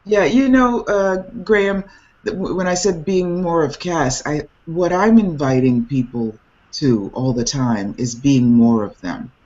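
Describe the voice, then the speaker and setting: Animated, laughing woman on a dull video call. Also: deep voice, unhurried. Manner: animated, laughing often, many restarts. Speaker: host. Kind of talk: casual group video chat.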